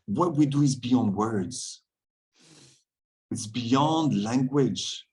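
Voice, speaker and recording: A man talks in a middle register, earnest and reflective. He is a podcast guest who tells his stories warmly and breaks into easy laughter. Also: mid-range voice, drawn-out words, poor audio. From France. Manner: earnest, storytelling, laughs often. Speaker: guest, men's circle facilitator.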